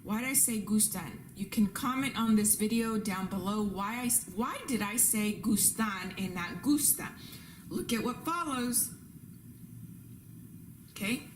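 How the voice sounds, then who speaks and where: Against a noisy background, a woman with a mid-range voice teaches Spanish unhurriedly, working through slides. Patient throughout, she goes over rules and examples again and again while checking on how her students are doing.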